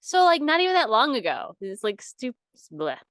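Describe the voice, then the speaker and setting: Very animated and high-pitched, a young adult woman co-hosts a podcast at a moderate pace, her tone a bit bright with no echo. She chats casually, swears freely, and uses "like" all the time.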